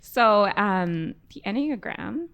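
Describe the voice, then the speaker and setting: A woman's voice: medium pitch, lively intonation, takes it slowly, creaky, fairly bright tone, smooth, muffled recording. A cheery woman co-hosting a casual podcast chat, laughing often. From Canada. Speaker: podcast co-host.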